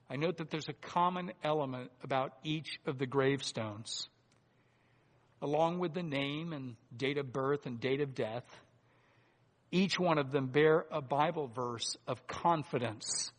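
A man preaching a sermon in a deliberate, earnest way, swinging between loud emphasis and hushed asides. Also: medium pitch. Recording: long hall reverb.

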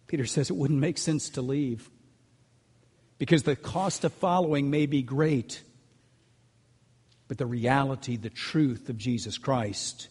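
A man's voice: fairly high pitch, darkish tone, breathy edge. Older male pastor preaching in a reverberant hall. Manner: earnest preaching with emphatic builds and frequent restarts. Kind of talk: sermon. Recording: long reverb of a large hall.

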